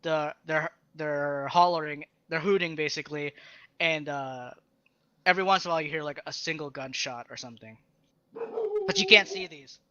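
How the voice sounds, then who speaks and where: A young man narrating a tabletop game as its game master, his voice bright and forceful but a bit raised in pitch. He describes the scene haltingly, leaning on "uh" and "like". The recording is dull and lo-fi, with a dry, close sound. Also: clear, resonant tone, dry recording. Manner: halting, filler-heavy describing.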